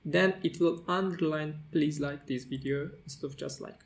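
A tutorial host with a gravelly, somewhat high voice narrates a screen-recorded coding tutorial at normal speed. He walks through the steps as he types, using fillers and correcting himself.

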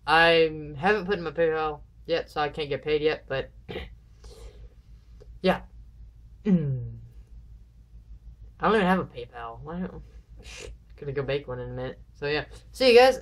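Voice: mid-range voice, normal speed, pauses often. A vlogger chatting casually to camera at home, rambling and counting down nervously before each dare. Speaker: vlogger doing viewer dares. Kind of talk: casual vlog chat to camera. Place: indoors at home.

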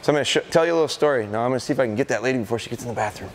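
A middle-aged man from Wisconsin giving a live dog-training seminar to an audience, telling stories and acting out excited calls to a puppy. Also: mid-range voice, very fast, very noisy. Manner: animated storytelling, acts out excited calls to dogs. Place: large indoor hall with a corridor.

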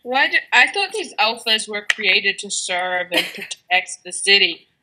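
A woman's voice: medium pitch, sing-song, a little slow, background noise. A young woman playing a gallant, mock-heroic musketeer in an improvised online game role-play. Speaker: player voicing a musketeer in an online animal game.

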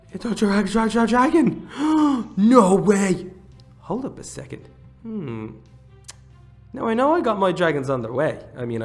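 Man, game role-play commentary, fairly high voice, very lively pitch, excitable, faint music behind. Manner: excitable, talks to viewers, jumps between hush and loud exclamations. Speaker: gaming channel host.

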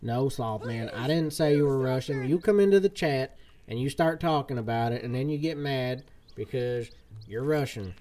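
A man's voice: medium pitch, animated, moderate pace, darkish tone. A man casually commenting on a live game stream, joking in a playful, folksy cowboy drawl.

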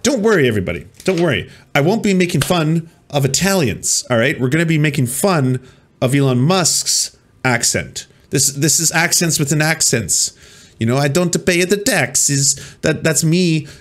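A man's voice: on the high side, lively intonation, normal speed. Sarcastic rambling male commentator. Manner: sarcastic, rambling, stumbling over repeated words. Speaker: host. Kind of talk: casual reaction commentary.

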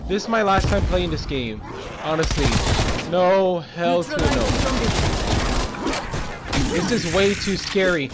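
Over heavy, loud game sounds, a young man streams a scary zombie game in an expressive, slightly high voice. His commentary is nervous and measured, broken by long pauses and by shrieks and screams whenever he gets spooked.

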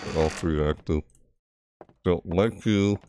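A man's voice: low-pitched, slow pace, dark tone. A man hosting a horror game let's play, talking through it, grumbling at the game and yelping when startled. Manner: jumpy, yelps and cries out at scares, grumbling at the game. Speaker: gaming channel host.

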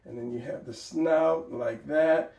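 Male art teacher, casual and encouraging, gravelly, recorded off-mic in an echoey room. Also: a little high, a little slow, dark tone, dull audio. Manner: encouraging, talks while sketching, repeats phrases. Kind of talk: casual drawing tutorial. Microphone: camera mic at a distance. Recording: roomy, distant camera mic.

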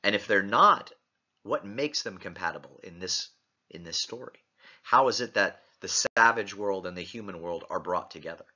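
A male literature lecturer works through a text, stopping often to pose questions to his listeners. His voice is fairly low and very bright, almost sharp. The recording sounds muffled and lo-fi. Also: moderate pace. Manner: asks many questions, reads passages aloud. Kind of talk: close-reading lecture.

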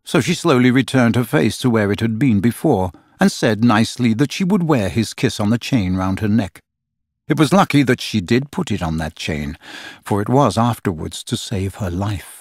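A male audiobook narrator reading a classic children's tale with wry, expressive storytelling. His voice is husky and his pitch moves in lively swings. The sound is dry and close, with no room around it. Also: moderate pace, no room sound.

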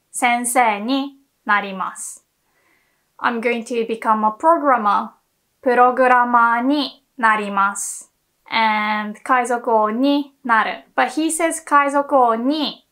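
A young woman with a Japanese accent, a native Japanese speaker, teaching a casual language lesson in a chatty way with lively examples. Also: on the high side.

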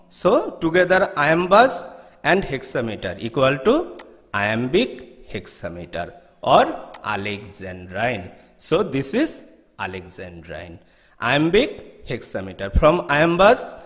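A man with an Indian English accent teaching a poetry lesson for exam students, explaining terms slowly and deliberately and counting them out one by one. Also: medium pitch, fairly bright tone, long reverb tail. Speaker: English literature tutor. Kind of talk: exam-prep lecture on poetry.

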